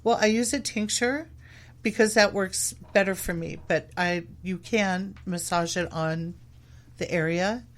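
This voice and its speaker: A woman talks as a guest on a chat show, pausing often with ums and uhs. Her delivery is loose and unhurried in tone. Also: fairly low pitch. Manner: hesitant, many ums and uhs. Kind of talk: casual chat.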